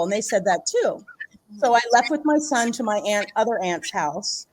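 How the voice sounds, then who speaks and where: Animated storytelling woman, higher voice. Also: normal speed, low-quality recording. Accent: Philadelphia area. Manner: animated, laughs often, acts out quoted voices. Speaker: podcast guest. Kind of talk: casual storytelling.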